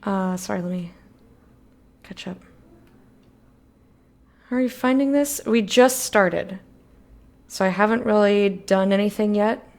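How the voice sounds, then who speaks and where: A woman's voice: mid-range voice, measured pace, long pauses, darkish tone. A woman chatting casually while streaming a game, sleepy and rambling, apologizing and swearing lightly. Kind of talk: casual let's-play chat.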